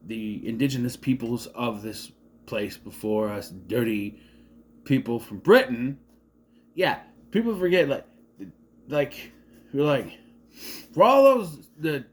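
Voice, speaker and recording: A man giving a casual, rambling movie commentary, sarcastic and often cutting himself off. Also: medium pitch. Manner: rambling, sarcastic, self-interrupting. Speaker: movie reviewer.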